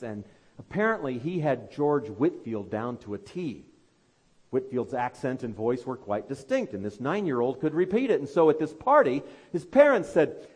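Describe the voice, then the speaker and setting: A pastor with a breathy edge to his voice preaches a sermon, fervently urging his listeners before dropping into quiet, low asides.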